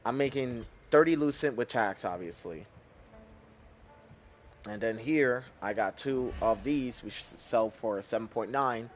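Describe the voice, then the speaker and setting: Young man, gaming commentary, laid-back, chatty, swears casually, mid-pitched voice. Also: measured pace, a little hiss or hum. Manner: relaxed, chatty, thinks aloud, swears casually. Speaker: gaming YouTuber.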